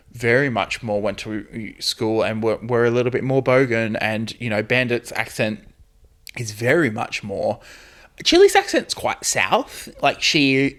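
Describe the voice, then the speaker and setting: A man's voice: mid-range voice, a bit bright. Rambling Australian man hosting a podcast. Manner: rambling, full of "like" and "you know". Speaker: podcast host. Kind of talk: casual chat.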